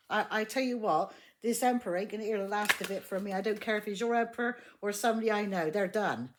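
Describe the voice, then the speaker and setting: A woman's voice: mid-range voice, quick pace, hardly any pauses, noisy background. A woman giving a casual tarot reading, blunt and exasperated, swearing heavily and laughing often. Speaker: tarot reader.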